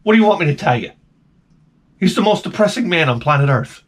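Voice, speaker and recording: A man's voice: fairly high pitch, animated, a little fast. A man rambling through a comic monologue to camera, jumping between tangents and restarting his sentences. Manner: tangent-prone rant, frequent stammered restarts. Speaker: vlogger.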